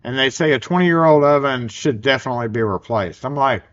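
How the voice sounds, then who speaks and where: A man's voice: mid-range voice, a little fast, fairly bright tone. A man with a Southern US accent hosting a casual live stream, rambling and joking as he chats. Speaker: livestream host. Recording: dull lo-fi sound.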